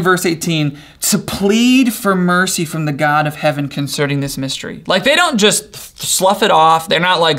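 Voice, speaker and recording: Young male pastor, high voice, relaxed joking sermon delivery that acts out the characters. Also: normal speed, hardly any pauses. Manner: casual, joking storytelling with acted voices.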